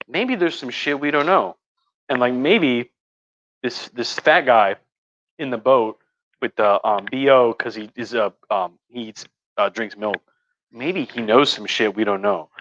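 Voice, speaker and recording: Man, rambling tipsy history rant, bright tense voice, dry lo-fi sound. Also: a little high, no echo. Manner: profane, rambling, with acted mock voices. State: drinking wine. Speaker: history lecturer.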